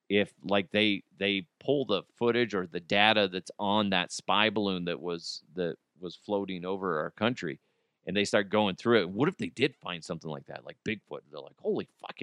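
Man, podcast host, bright clear voice, lively pitch, rambling, swears a lot. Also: moderate pace, no echo. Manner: rambling, profane, jokey. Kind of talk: casual solo podcast monologue.

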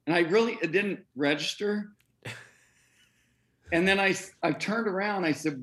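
A middle-aged man, a former pro pitcher, telling a story in an interview and acting out what others said. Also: moderate pace, creaky. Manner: animated, acts out quoted voices, breaks into laughs.

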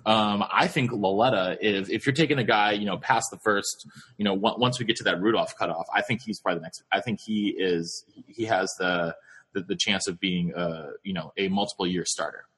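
A man hosting a casual sports podcast, rambling with lots of fillers and halting restarts. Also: fairly low pitch, a bit bright, slightly rough. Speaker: podcast host.

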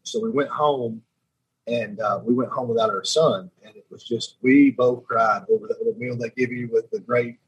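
A man, a podcast guest telling a personal story in a halting, repeating way, often dropping quiet. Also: fairly even intonation, slightly rough, dull audio. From Alabama. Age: 30s. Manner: halting, repeats words, voice drops low and quiet when moved. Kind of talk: emotional storytelling.

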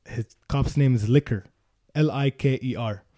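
A young man casually telling a story to friends in a loose, slangy way, jumping into loud high bursts when he acts out what people said. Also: normal speed. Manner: loose slangy delivery with repeated fillers.

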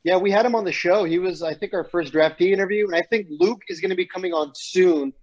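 Co-host, high voice, chatty, muffled call audio. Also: male voice, fast talker, darkish tone. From San Diego. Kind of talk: casual interview.

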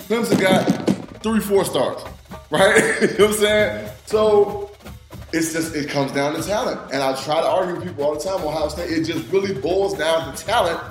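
A man co-hosting a casual sports talk show, animated and profane, often adding "you know what I'm saying". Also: sits high, roomy sound. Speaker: podcast co-host.

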